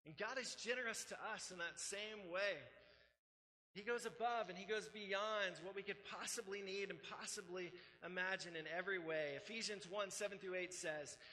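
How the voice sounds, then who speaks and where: A man's voice: high voice, normal speed, sharp tone, in a large hall, slight background noise, poor audio. A man preaching a sermon as pastor, emphatic and repetitive, mixing scripture reading with casual conversational asides.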